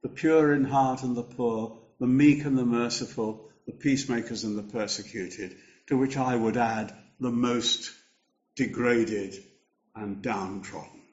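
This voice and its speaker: An older man preaching a sermon, slow and measured, lifting his voice for emphasis. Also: mid-range voice, steady tone, darkish tone, dull audio.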